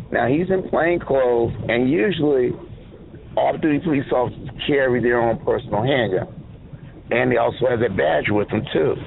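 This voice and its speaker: A man's voice: mid-range voice, vocal fry. A man hosting a talk radio show, telling a story in an easygoing, plain-spoken way. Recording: phone-like band, faint noise.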